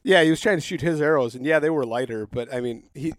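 A man's voice: on the high side, fast talker, dry recording. Laughing, chatty male podcast host. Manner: chatty storyteller, laughs often. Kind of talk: casual chat.

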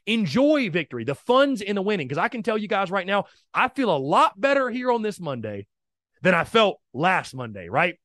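Male podcast host, slightly high voice, dry close sound, lively opinionated delivery. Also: moderate pace, no echo. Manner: energetic, opinionated, addresses listeners as guys. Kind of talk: sports podcast monologue.

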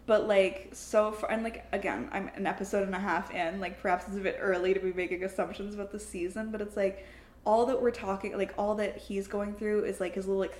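A woman's voice: medium pitch, brisk, a little hiss or hum. A young woman co-hosting a podcast, talking casually about TV shows and peppering her sentences with "like". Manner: chatty, frequent "like" fillers, animated laughter. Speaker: podcast co-host. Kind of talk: casual chat. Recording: roomy echo.

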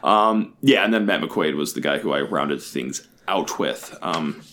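A man co-hosting a casual sports podcast, animated and self-mocking, with his voice jumping up and down as he riffs. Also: a little slow, noisy background. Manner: animated and self-mocking, with big pitch swings. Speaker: podcast co-host.

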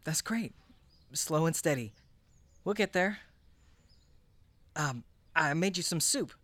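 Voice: mid-range voice, animated, slow, fairly bright tone, dry recording. A person playing a caring, chatty friend who sounds a bit nervous.

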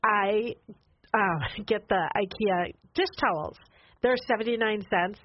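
A middle-aged mother talks about shopping in a chatty, easygoing way and laughs easily. Her voice sits at a middle pitch, and the recording is dull and muffled with a faint hiss. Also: measured pace. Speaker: mother and co-host. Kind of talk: casual family chat.

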